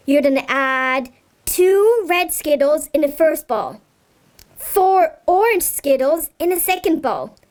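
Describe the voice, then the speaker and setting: Very high, bubbly woman teaching kids. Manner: bubbly, chatty asides to kids. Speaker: host. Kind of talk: upbeat children's lesson.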